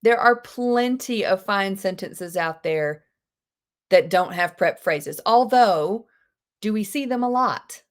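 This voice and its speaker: A woman teaching a live online English class, animated and chatty, with gasps and quick asides to her students. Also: medium pitch. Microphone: video call.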